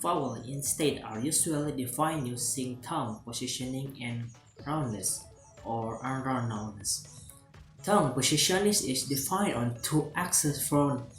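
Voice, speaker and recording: A man giving a student's lesson presentation, reading steadily from a script with some halting restarts. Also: mid-range voice. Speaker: student presenting a class assignment. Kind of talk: read-aloud lesson presentation. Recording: roomy echo with faint music behind.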